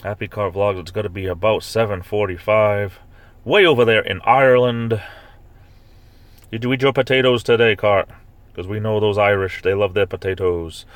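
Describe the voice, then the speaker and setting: Man, live streamer, low-pitched, chatty and rambling, playful mock outrage. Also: steady tone, normal speed, no echo. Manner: rambling, chatty, with repeated fillers and restarts; bursts into high-pitched mock outrage when ranting. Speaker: live stream host reading chat. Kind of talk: casual live stream chat.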